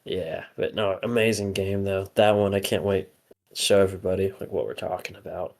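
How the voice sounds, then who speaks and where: A man's voice: low-pitched, flat delivery, brisk, vocal fry. A young man co-hosting a podcast, chatting casually, rambling with lots of fillers and frequent swearing. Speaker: podcast co-host.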